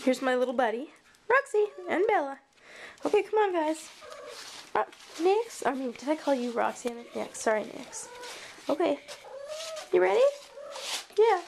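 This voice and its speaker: A woman's voice: high-pitched, expressive, moderate pace, gravelly, long pauses, a little mellow, slight background noise. A woman at home chatting to her cats and dog in a sing-song baby-talk voice, repeating little greetings over and over. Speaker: cat owner filming her pets. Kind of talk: casual pet vlog. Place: at home indoors.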